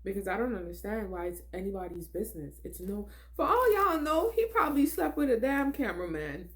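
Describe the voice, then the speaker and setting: A young woman talks casually into her camera as she reacts to a reality show. Her pitch swings widely, and her delivery is blunt and exasperated, with frequent laughter. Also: very animated, fairly quick. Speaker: reality TV recap vlogger.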